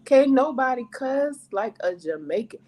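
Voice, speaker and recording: A woman's voice: high-pitched, unhurried. A woman, telling stories in a casual group chat and acting out the voices. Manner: animated storyteller, acts out quoted voices. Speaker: co-host.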